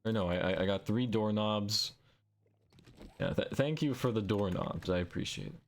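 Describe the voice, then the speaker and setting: The voice is fairly low and at normal speed: a man live-streaming a survival game, chatting with excitable playfulness and adding silly sound-effect noises.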